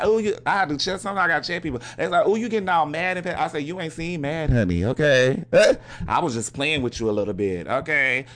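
A man hosting a casual spiritual podcast monologue in an animated way, laughing often, swearing freely and checking in with "okay?" after nearly every point. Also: medium pitch. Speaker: podcast host.

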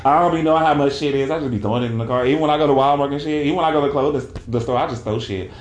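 A man hosting a podcast in casual chat, animated and slangy, swearing freely and laughing often. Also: mid-range voice, rapid-fire. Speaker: podcast host. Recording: echoey room.

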